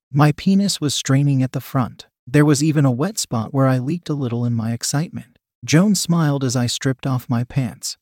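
A man reads a first-person story aloud in a steady, even manner. His voice sits at a middling pitch, and the recording is dry and close, with no room echo.

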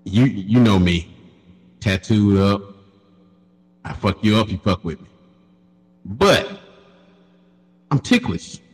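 Crude animated man in a reverberant room. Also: on the low side, takes it slowly, long pauses. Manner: crude, animated storytelling with laughs. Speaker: podcast co-host. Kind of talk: casual storytelling chat.

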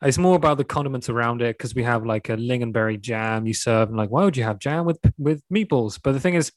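A man's voice: mid-range voice, fast, no room sound. A man from Sweden, hosting a podcast and teasingly quizzing his guest. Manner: teasing, playful quizmaster. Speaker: podcast host. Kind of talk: quiz-style podcast chat.

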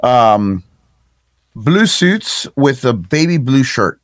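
A man in a casual podcast chat, telling a story at an unhurried pace. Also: mid-range voice, very animated, no echo. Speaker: podcast co-host.

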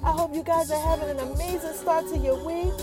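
A woman hosting a podcast, recapping a TV episode in an animated, chatty way and talking straight to her listeners. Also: extremely high pitch, fairly quick, loud music behind the voice. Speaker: podcast host.

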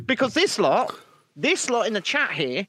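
A man's voice: sits high, bright, forceful tone, husky, no echo, clean studio sound. A man hosting a livestream chat, rowdy, sweary and teasing. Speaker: livestream host. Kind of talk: casual banter.

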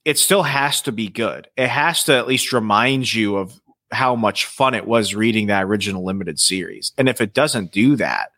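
A man's voice: lowish voice, moderate pace, sharp tone. A man co-hosting a podcast, making emphatic, insistent points in casual chat about comics and TV. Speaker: podcast co-host.

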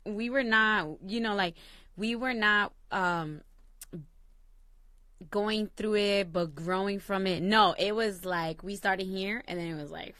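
A young woman co-hosts a casual chat, telling stories with lively energy and cursing freely. Her voice sits in a middle register. The sound is dry and close, with no room echo. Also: mid-range voice, takes it slowly. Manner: animated storyteller, swears freely. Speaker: co-host.

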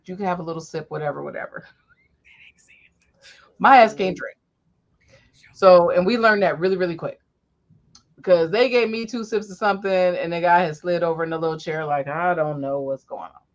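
A woman telling animated, profane stories from her youth in a casual chat. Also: lowish voice, a little fast, pauses often. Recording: dull lo-fi audio.

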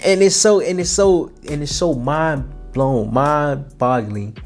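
A young man hosting a podcast, speaking earnestly and casually about experience and self-worth at a mid-range pitch. He restarts and repeats phrases as he talks, and a faint bed of music runs underneath. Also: a little mellow. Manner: earnest, repeats himself, colloquial. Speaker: podcast host. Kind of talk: motivational talk.

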